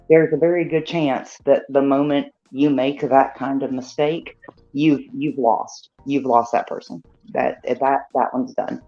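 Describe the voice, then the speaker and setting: A man speaking as a guest in a casual chat, measured and reflective, often repeating himself. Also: medium pitch, mellow, muffled recording.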